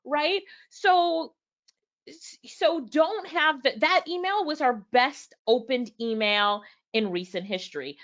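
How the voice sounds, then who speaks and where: A woman's voice: sits high, slow pace, fairly bright tone, highs cut off. A woman reviewing a book live, reading passages aloud and talking straight to her viewers, acting out both sides of past conversations. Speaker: book reviewer and business owner.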